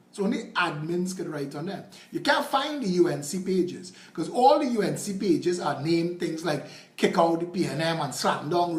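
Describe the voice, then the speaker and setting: A man's voice: high-pitched, roomy sound. A man with a Trinidadian accent hosting a political call-in show, combative and sarcastic. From Trinidad and Tobago. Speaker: political talk show host.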